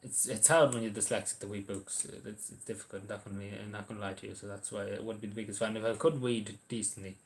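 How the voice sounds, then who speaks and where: A man's voice: on the low side, fairly even intonation, fast, few pauses. An Irish man chatting casually on a livestream, answering viewers' messages in a rambling, hesitant way with lots of ums and restarts.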